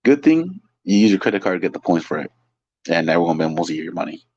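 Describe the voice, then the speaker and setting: A waiter from California's San Francisco Bay Area, appearing as an interview guest, tells casual stories in a loose, chatty, excitable way, full of fillers and restarts and often laughing. His deep voice is fast, and the recording sounds lo-fi.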